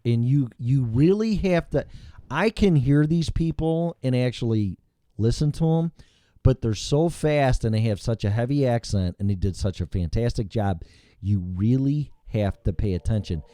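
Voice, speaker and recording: A man's voice: medium pitch, expressive, moderate pace, warm tone, no room sound. A man hosting a morning talk show in casual, rambling chat, blunt and full of profanity.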